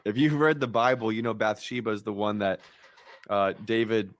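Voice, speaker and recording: A man's voice: on the low side, moderate pace, no room sound. A man preaching in a casual, chatty way. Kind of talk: sermon.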